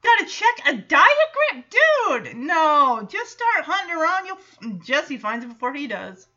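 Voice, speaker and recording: A woman podcast host recaps an episode in a loose, chatty way, exclaiming and rambling with fillers. Her voice is bright and pitched a bit high. The sound is dull and lo-fi. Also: big pitch swings, a little slow.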